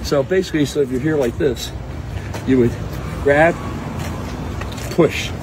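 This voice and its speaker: A man talks in a gruff, folksy way, walking through old boxing moves in a casual self-filmed clip. Traffic and street ambience sit clearly behind his voice. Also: on the high side, measured pace. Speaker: social media video personality.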